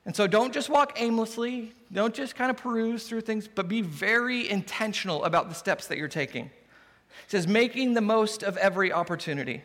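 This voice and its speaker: A man's voice: high voice, normal speed, fairly bright tone. A man preaching a sermon as pastor, conversational and humorous. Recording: long hall reverb.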